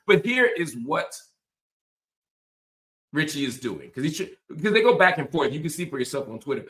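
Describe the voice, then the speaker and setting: A man's voice: a little high, fairly bright tone, echoey room. A man hosting a show, delivering an impassioned, emphatic political commentary monologue. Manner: impassioned, emphatic, repetitive rhetorical. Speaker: host.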